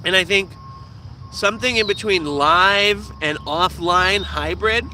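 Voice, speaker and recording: A young man with a nasal, squeaky voice, chatting casually and profanely to his live viewers. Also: slow, pushed and bright, slight background noise. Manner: profane, joking, talks with teeth hidden. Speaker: vlogger streaming live. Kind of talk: casual rambling chat.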